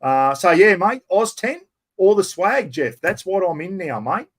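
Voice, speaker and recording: Older aussie bloke chatting to his live viewers, blunt, says mate a lot, voice sits a bit high. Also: very animated, unhurried, breathy edge. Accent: Australian. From Australia. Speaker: vlogger answering live chat questions. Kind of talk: casual live chat.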